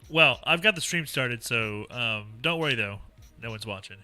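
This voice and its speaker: A man with a very bright, crisp voice leads a loose group chat on a live stream. He jokes along easily. Faint music plays behind him. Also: mid-range voice, lively intonation, normal speed. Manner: laid-back, joking. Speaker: host.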